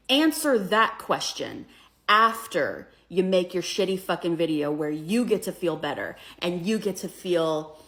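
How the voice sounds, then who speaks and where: A woman's voice: mid-range voice, fairly bright tone. A woman giving a heated commentary rant, indignant and rhetorical, tagging her points with questions. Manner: indignant, rhetorical, keeps asking "right?". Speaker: commentary creator.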